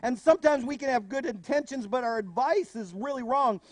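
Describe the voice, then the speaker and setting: High-voiced man preaching a sermon. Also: brisk, no room sound, studio quality. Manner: storytelling, animated asides. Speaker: pastor.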